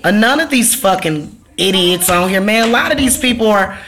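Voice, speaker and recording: A woman's voice: mid-range voice, lively intonation, normal speed, a bit bright, a little hiss or hum. Blunt, profane woman vlogger ranting. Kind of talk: casual talk to camera.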